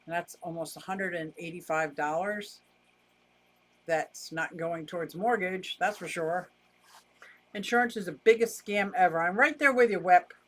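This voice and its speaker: A woman's voice: lowish voice, normal speed, fairly bright tone. Older woman, livestream host, talkative, wry ranter. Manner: chatty, wry, laughs easily, rants about costs. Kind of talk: casual livestream chat reading viewer comments.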